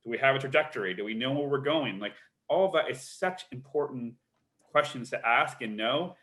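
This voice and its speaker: A middle-aged man speaks in a live online Q&A about his work as a literary agent. He is earnest and repeats words while he gathers his thoughts. His voice sits at an ordinary middle pitch. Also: a little fast, a bit bright.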